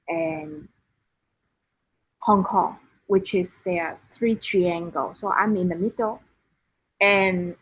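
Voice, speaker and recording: Slow, breathy Chinese-accented woman. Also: medium pitch, rough recording. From southern China. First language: Cantonese. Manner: hesitant, searching for words. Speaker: guest speaker. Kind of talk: online class talk.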